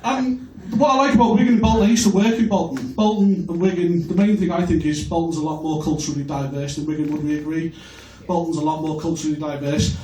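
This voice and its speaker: A man from Birkenhead doing a stand-up set, crude and self-mocking with a deadpan delivery. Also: a little high, quick pace, few pauses, slight background noise. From Birkenhead, England. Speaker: stand-up comedian. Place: comedy club stage. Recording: echoey club, recorded from far off.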